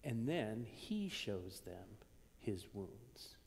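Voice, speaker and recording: A man preaching a sermon in a conversational way, moving between loud emphasis and hushed near-whispers. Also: on the low side, big pitch swings, drawn-out words, creaky, slight background noise. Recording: long reverb of a church hall.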